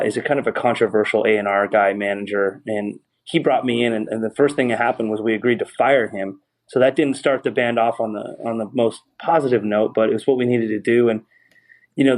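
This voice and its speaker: A man's voice: on the low side, rough recording. A man from California, a musician turned manager, telling candid stories in an interview and laughing wryly at himself.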